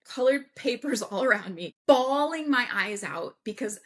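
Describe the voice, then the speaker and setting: A woman guest on a podcast, telling a personal story in an animated way and acting out the voices of people she quotes. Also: a little high, normal speed. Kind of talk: casual storytelling interview.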